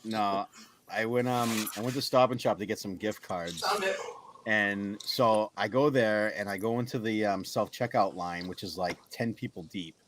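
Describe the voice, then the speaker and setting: A man casually telling a story to friends in a profane, self-deprecating way, with loud outbursts. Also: fairly low pitch, normal speed, slight background noise.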